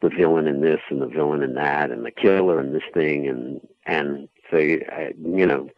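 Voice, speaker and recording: A man, an actor being interviewed, chatting in a relaxed, rambling, self-deprecating way. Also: a bass voice, moderate pace, dry recording, muffled recording. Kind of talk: casual interview chat.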